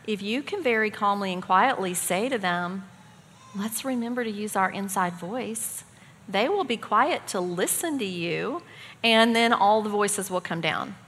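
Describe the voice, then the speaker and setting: A middle-aged woman co-teaching a parenting class at a church, giving practical advice in a steady, calm way. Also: on the high side. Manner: steady, practical, gives examples. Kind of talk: calm instructional talk. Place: church hall. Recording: long hall reverb.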